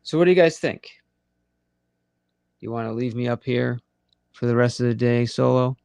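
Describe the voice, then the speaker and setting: A man's voice: mid-range voice, normal speed, creaky, a little mellow, clear, resonant tone, no room sound. Profane, rambling late-night chat host man. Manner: teasing, talks straight to his listeners. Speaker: host of a live audio chat room.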